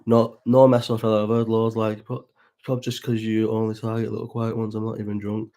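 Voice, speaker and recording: A man's voice: fairly low pitch, monotone, fairly quick, warm tone. A man in his thirties from Bolton with a Bolton accent, chatting casually and rambling on a watch-along stream, swearing freely and answering the chat. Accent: Bolton, Northern English. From Bolton, England. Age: 30s. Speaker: livestream host.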